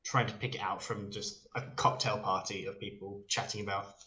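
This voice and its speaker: A man's voice: on the low side, steady tone, normal speed, bright, forceful tone. A man running a tabletop game as game master, narrating in a loose, laughing manner with casual swearing. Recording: echoey room.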